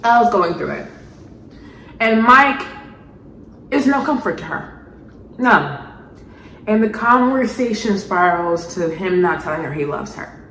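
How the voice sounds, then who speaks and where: A woman ranting in a vlog commentary, animated, sarcastic and exasperated. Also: mid-range voice, a little slow, long pauses, echoey room, slight background noise, rough recording. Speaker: video essayist.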